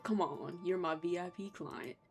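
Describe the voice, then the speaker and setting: A boisterous male dungeon merchant in a video game, drawling in a put-on Southern way, as a woman acts him out. He talks in a brash, self-selling patter, pitched a little low, with game music playing softly behind. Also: normal speed, natural voice. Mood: salesy.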